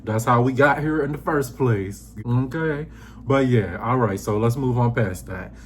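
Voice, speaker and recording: A man hosting a casual reality TV recap, talking sassy and animated, acting out quotes in high voices. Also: unhurried, slight background noise. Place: indoors, seated on a squeaky chair.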